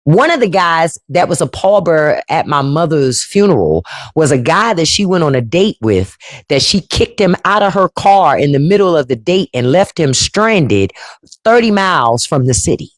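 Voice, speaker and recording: Brief: outspoken woman host, animated pitch, dry close sound, casual livestream talk. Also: moderate pace, dry recording. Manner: blunt, profane storyteller.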